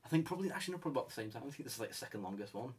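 A man's voice: mid-range voice, lively intonation, racing, darkish tone. A teenage boy hosting a casual podcast chat, rambling and laughing often, with the odd swear. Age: teens. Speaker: podcast host.

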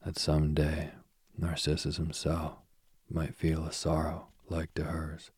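A man reading a myth aloud as a soothing bedtime story, slowly and softly, drifting into whispers. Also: a bass voice, completely flat delivery, slightly rough, no room sound, clean studio sound. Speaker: sleep story reader.

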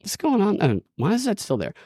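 A man's voice: sits high, wildly swooping pitch, brisk, warm tone, breathy edge, dry recording, studio quality. A man hosting a podcast, chatting in a loose, sarcastic, joking way. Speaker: podcast host. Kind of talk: casual chat.

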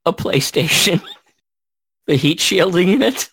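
Man, podcast co-host, casual storytelling, laughs a lot, a bit high, very lively intonation. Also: measured pace, creaky, breathy edge. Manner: lively, laughs through stories.

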